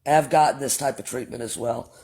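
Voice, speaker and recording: With a brisk pace and a darkish tone to his medium-pitched voice, a male livestream host tells a story casually and bluntly. He swears freely and talks directly to the chat, calling them "y'all."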